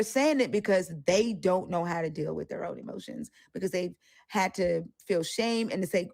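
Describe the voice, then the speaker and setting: Lowish-voiced woman, blunt and animated. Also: moderate pace, gravelly, dry recording, studio quality. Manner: animated, swears freely, acts out quoted voices. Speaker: co-host. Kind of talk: casual panel discussion.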